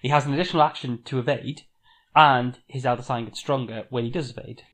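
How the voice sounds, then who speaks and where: A man's voice: medium pitch, quick pace, fairly bright tone. A man co-hosting a casual board game podcast, easygoing, reading card text aloud and chatting. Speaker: podcast co-host.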